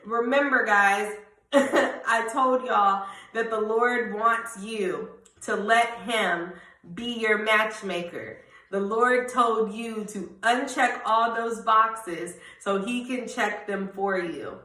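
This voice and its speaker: Woman, faith encouragement talk, repeats phrases, slow delivery, slightly off-mic. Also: a little high, sharp tone, reverberant, far from the mic, rough recording. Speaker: Christian vlogger.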